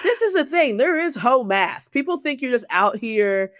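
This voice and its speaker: A woman comedian telling a dating story on a podcast, profane and animated, acting out the people she quotes. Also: high voice, normal speed, dry recording. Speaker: guest comedian.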